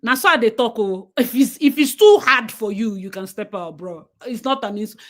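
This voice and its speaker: A young Nigerian-accented woman, talking straight to her livestream audience. She is blunt and emphatic, and her voice sits a little above the usual pitch for a woman. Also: sing-song, moderate pace, a bit bright. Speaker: livestream host. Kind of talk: casual livestream commentary.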